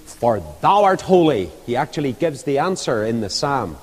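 A man's voice: medium pitch, sing-song, moderate pace, breathy edge. A man preaching an impassioned evangelistic sermon, rising to fervent appeals. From Northern Ireland. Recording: echoey hall with long reverb.

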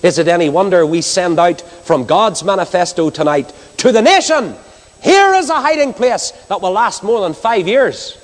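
A man preaching an impassioned evangelistic sermon, swinging from loud exclamations to hushed storytelling. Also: sits high. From Northern Ireland. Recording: long hall reverb.

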